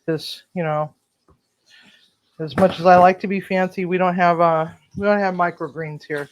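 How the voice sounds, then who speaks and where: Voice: medium pitch, steady tone, normal speed. A home cook hosting a cooking vlog, telling a story bluntly and animatedly and swearing freely, in a home kitchen. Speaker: home cook and channel host. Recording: noisy home recording.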